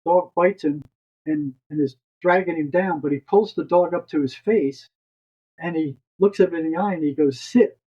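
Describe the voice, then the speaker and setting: Older man with a husky, slightly high voice. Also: normal speed, lo-fi sound. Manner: rambling, repeats words as he restarts. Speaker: guest, retired psychotherapist. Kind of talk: long storytelling anecdote.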